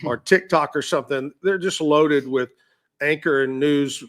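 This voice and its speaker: A man's voice: fairly high pitch, unhurried. A man hosting a radio show, chatting casually and laughing often. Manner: chatty, laughs often, reads off music history notes. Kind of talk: casual on-air chat.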